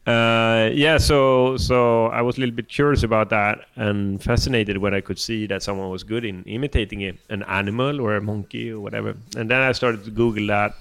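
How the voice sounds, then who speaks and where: A man who is a film director, a Swedish native speaker, answering interview questions in a thoughtful, halting way with many restarts. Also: on the low side, fairly even intonation, gravelly, a bit bright, smooth.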